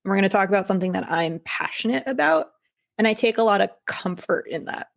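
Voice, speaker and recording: Female coach guest, middle pitch, vocal fry, thoughtful and measured. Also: lively intonation. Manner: thoughtful, reflective. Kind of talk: casual interview chat.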